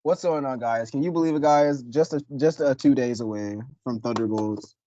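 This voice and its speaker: A young man co-hosting a casual reaction video, joking and rambling with loud laughs. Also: mid-range voice, moderate pace, no room sound, highs cut off. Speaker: reaction channel co-host.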